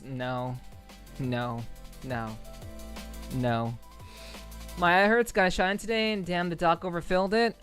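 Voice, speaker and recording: A woman's voice: extremely low pitch, a bit bright. A woman streamer from the New York City area chatting casually with her viewers, rambling and swearing, with lots of ums and bursts of laughter. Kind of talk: casual livestream chat with viewers.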